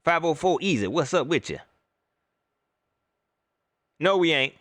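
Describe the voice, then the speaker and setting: Animated man ranting on a livestream. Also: on the high side, a little slow, dry recording. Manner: animated, rants, greets chat viewers by name. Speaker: host. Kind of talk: livestream sports rant. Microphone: laptop mic.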